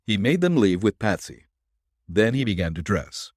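A man narrating a story in a measured, dramatic storytelling manner. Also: low voice, husky, no echo, clean studio sound. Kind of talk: scripted audiobook narration.

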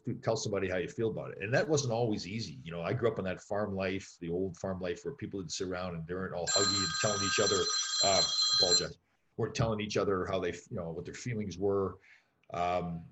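A deep-voiced middle-aged man rattles through his stories at a brisk clip. He talks in an easy, rambling way full of "like" and "you know", and he slips into other people's voices when he quotes them. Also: fairly bright tone. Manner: anecdotal, many fillers, acts out voices in quotes. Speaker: former pro hockey player, guest. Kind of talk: storytelling in an interview.

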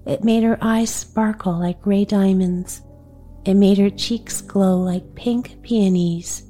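A woman reading a bedtime story aloud, gentle, unhurried and soothing. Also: medium pitch, steady tone, soft background music.

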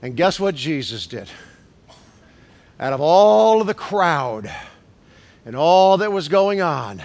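A bishop preaching a Pentecostal sermon in a church, moving between low asides and shouted declarations and urging the congregation to respond to each other. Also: male voice, sing-song, takes it slowly, creaky.

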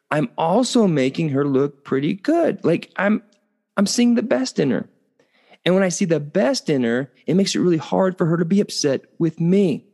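Middle-aged male host, animated storyteller, very expressive pitch. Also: normal speed. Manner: animated, conversational, tags points with "okay?". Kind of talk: storytelling talk.

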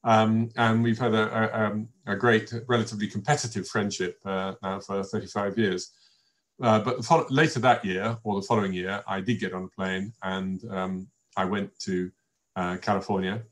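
Rambling older man, low-pitched. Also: fairly even intonation, normal speed. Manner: rambling anecdotal storyteller with many fillers and restarts. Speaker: wine presenter. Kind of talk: informal tasting talk to an online audience. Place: home in a village.

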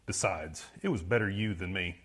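A man's voice: low-pitched, normal speed, fairly bright tone, slightly rough. A man playing a guilty, defiant male rebel prisoner in a dramatic first-person monologue, brooding and self-justifying. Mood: defensive.

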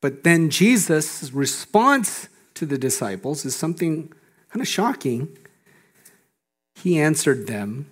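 Male pastor, sermon, slightly high voice, animated, shifts from loud emphasis to hushed lines. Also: slow, slightly rough. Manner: laughs often between phrases.

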